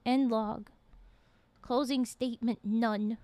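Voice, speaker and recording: A woman streamer reading a story aloud to her chat, lively and quick with asides. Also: on the high side, no echo.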